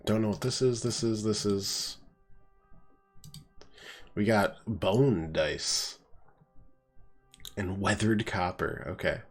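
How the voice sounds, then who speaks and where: Guy streaming a game, stuffy nose, husky and lowish, wry thinking out loud. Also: steady tone, takes it slowly, long pauses, soft background music. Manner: casual, wry, thinking aloud. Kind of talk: let's play commentary.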